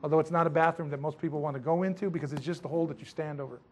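A man's voice: on the high side, fairly even intonation, rapid-fire, a little mellow, slight background noise. A middle-aged man preaching in a rambling, chatty way, with self-mocking asides. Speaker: pastor. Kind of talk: sermon with missionary stories.

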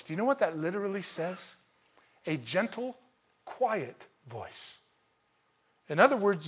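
High-voiced guy preaching a sermon, gets loud on the verses then goes quiet, cracks little jokes to the crowd. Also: husky. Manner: animated, swings from loud emphatic reading to soft hushed asides; humorous, conversational asides to the congregation. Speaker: pastor.

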